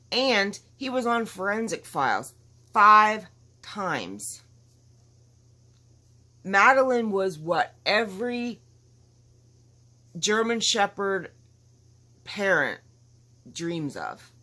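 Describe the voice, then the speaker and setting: A woman's voice: mid-range voice, bright, forceful tone. A woman vlogging at home in casual chat, talking in an emphatic, rambling and outspoken way. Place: at home with dogs nearby.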